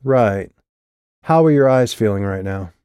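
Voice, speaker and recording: A hard-edged young woman with a biting, clipped delivery, voiced by a male audiobook narrator. She speaks low and close on a dry mic. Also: expressive, a little slow, darkish tone, clear, resonant tone, dry recording. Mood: cold sarcastic. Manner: curt, sneering, defiant. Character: sharp-tongued tough young woman. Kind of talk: audiobook character voice.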